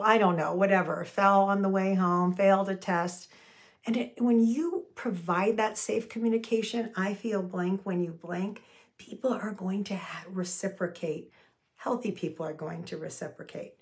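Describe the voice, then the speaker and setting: Woman communication coach, earnest teaching delivery, gravelly tone, mid pitch. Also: normal speed. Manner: earnest, gives acted-out example phrases. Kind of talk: spoken teaching to camera.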